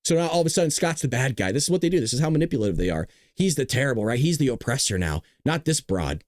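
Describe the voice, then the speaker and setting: A man's voice: medium pitch, big pitch swings, fast talker, a little mellow, no room sound, clean studio sound. A male show host giving blunt, scornful political commentary, reacting to clips.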